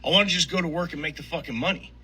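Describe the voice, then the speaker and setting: An irritated man rants in a harsh, strained voice that is sharp and piercing. He fires off one rhetorical question after another, swearing in nearly every breath, with the pitch sitting somewhat high. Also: rapid-fire, slightly rough, poor audio. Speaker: clip of a ranting man. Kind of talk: angry profane rant.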